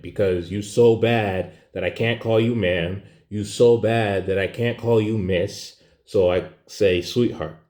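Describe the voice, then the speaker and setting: A man's voice: sits low, darkish tone. A man telling a story as a profane, sarcastic rant, in an echoey room.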